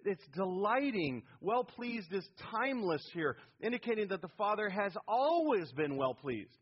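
A middle-aged man preaching an expository sermon, emphatic, rising loud on key words and putting questions to the congregation. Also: high voice, sing-song, a little slow, slightly rough. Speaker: pastor. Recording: dull lo-fi radio broadcast.

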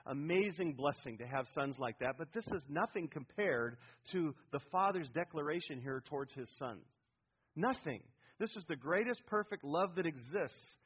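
A middle-aged man preaching an expository sermon, emphatic, rising loud on key words and putting questions to the congregation. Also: fairly high pitch, husky. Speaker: pastor. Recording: dull lo-fi radio broadcast.

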